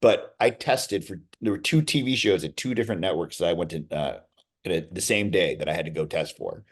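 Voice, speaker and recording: Animated, low-voiced male actor guest. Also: a little fast. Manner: animated storyteller, many restarts and asides. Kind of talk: casual interview storytelling.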